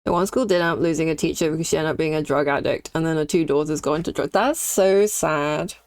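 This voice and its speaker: A woman's voice: low-pitched, fast, no echo. A young woman streaming while she draws, chatting candidly and reacting to her chat. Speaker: streaming artist.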